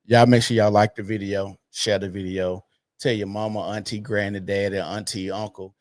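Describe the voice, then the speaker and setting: A man hosting a casual podcast, blunt and joking, throwing questions to his cohost and pitching to viewers. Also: level tone, moderate pace, no echo, studio quality. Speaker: podcast host.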